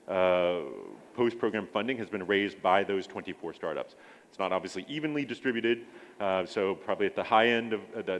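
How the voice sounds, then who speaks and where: A man pitching his startup accelerator at a conference, hesitant, with many filler sounds and restarts. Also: a little hiss or hum.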